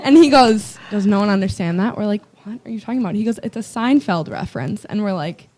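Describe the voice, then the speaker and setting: A young woman on a volleyball team recounts practice mishaps, voicing teammates and laughing along. Her voice sits at an ordinary middle pitch. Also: fast. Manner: lively, acts out quotes, laughs often. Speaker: volleyball player. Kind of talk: casual storytelling on a panel.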